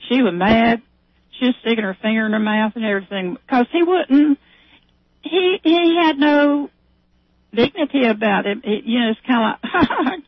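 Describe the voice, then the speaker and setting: A woman's voice: a little high, expressive, normal speed, no echo. Woman caller, chatty and rambling, dry phone-line sound. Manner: rambling retelling with many fillers. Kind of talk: casual chat.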